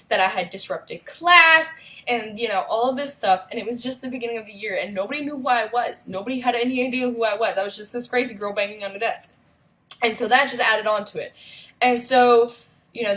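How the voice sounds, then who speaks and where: A woman's voice: medium pitch, bright, forceful tone, rough recording. A woman vlogger with a young son, telling a personal story in a casual, rambling way with many fillers and asides. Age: adult with a young son.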